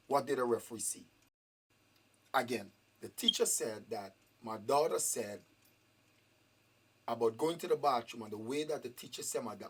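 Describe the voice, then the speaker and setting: A parent with a mid-pitched, husky voice confronts school staff in a meeting. The speech is repetitive and demanding, and the same pointed questions come back again and again. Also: normal speed.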